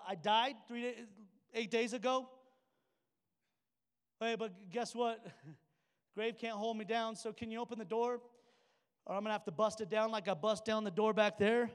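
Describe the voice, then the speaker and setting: A preacher doing a slangy, blunt Jesus. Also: male voice, high voice, fairly even intonation, a little slow, pauses often, clean tone. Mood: brash. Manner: slangy, then gentle and soothing. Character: Jesus as a casual, blunt man. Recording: echoey hall with faint music.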